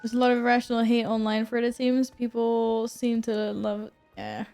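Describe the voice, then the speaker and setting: A woman's voice: a little high, animated, moderate pace, mellow, clear, resonant tone, soft background music. Chatty woman streaming a game. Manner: chatty, reads and answers chat, laughs often. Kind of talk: casual gaming stream chat.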